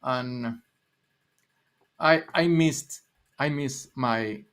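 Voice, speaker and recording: A man's voice: medium pitch, extremely slow, a bit bright. A man in his sixties from Mexico, Spanish-accented, rambling through stories in a casual livestream chat with frequent laughs and repeated words. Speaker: livestream guest.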